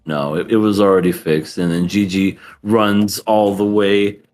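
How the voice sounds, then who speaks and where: Guy cohosting a podcast, slow and laughy, acts out scenes. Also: lowish voice, little pitch movement, darkish tone, faint music behind. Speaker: podcast co-host. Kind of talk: casual chat.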